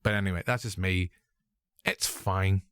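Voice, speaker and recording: A man's voice: deep voice, unhurried, clean tone, no room sound, clean studio sound. A man with a Northern Irish accent hosting a casual film review chat, jokey and full of swearing. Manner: animated, swearing, jokey asides. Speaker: podcast host.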